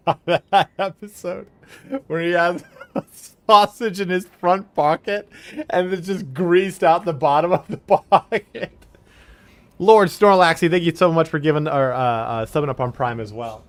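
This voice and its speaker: A man's voice: on the high side, unhurried, no echo. A man chatting casually and joking crudely while streaming a game, thanking subscribers. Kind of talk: casual live-stream chat while gaming.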